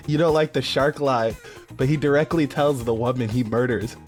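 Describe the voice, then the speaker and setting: A man's voice: medium pitch, normal speed, soft background music. A man co-hosting a podcast, chatting casually about an album, swearing freely and mocking. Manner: laughing, profane, mocking. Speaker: podcast co-host reviewing an album. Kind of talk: casual chat.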